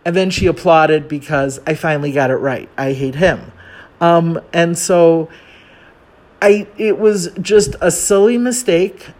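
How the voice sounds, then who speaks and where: A man's voice: on the high side, measured pace, darkish tone. An American man telling a self-mocking travel story in a chatty, casual way, with many fillers. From United States.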